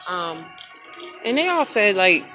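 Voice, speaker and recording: Woman, vlogger, excitable, thinking out loud, phone camera, big store, background music. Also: mid-range voice, takes it slowly. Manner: chatty, excitable, thinks aloud. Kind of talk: casual shopping vlog. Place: large home decor store, indoors. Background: store music playing.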